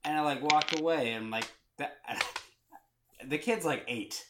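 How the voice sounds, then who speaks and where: A man's voice: on the high side, takes it slowly, background noise. A young man co-hosting a podcast, rambling through a story in casual chat and acting out the voices of the people in it. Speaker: podcast co-host.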